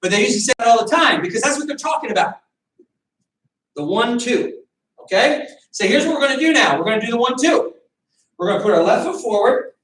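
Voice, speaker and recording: Here a martial arts instructor coaches beginners in boxing through a video call, calling counts and commands. His very high voice is expressive and a little fast, with a fairly bright tone. Captured with a distant mic in an echoey room.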